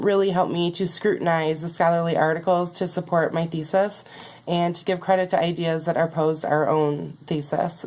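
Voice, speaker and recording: College girl losing her voice, lots of ums, lowish tone, earnest class reflection. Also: darkish tone. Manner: earnest, halting, many ums. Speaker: student.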